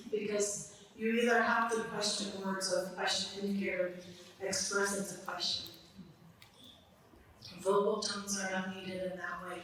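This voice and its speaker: Language teacher, woman, relaxed and laughing, distant mic in a reverberant hall. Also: medium pitch, slight background noise. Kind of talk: live talk answering audience questions. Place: large hall. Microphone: distant room mic. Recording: echoey hall from far off.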